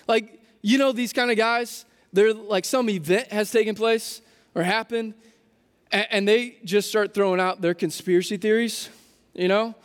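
Male pastor, high voice, chatty animated sermon delivery, big echoing hall. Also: normal speed, clear, resonant tone. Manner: casual, animated storytelling with frequent restarts. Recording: long hall reverb.

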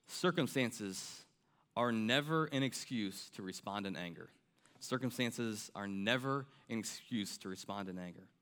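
A man's voice: mid-range voice, sharp tone. A young man preaching a sermon in an earnest, conversational way, repeating key lines and tossing in "right?" and "I mean.". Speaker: pastor.

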